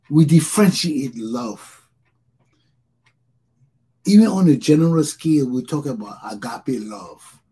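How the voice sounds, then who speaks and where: A Liberian-accented man hosts his own talk show in a passionate solo monologue. His voice is deeply husky and gravelly, with a dark, mellow tone. He drives his points home by repeating phrases. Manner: emphatic, repeats phrases for stress.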